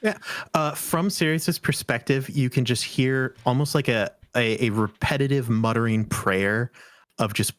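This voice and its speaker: A man's voice: medium pitch, measured pace, no echo. Young man game master, dry sound. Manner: relaxed, descriptive, calls for rolls. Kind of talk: narrating a tabletop game.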